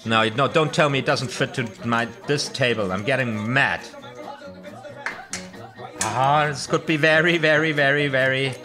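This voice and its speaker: A man's voice: mid-range voice, unhurried, over music. A man talking to camera as he sets up his streaming gear. He rambles through a lot of fillers and restarts, and curses when things go wrong. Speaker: vlogger setting up streaming gear. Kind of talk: unscripted self-talk to camera. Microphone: desktop USB microphone under test.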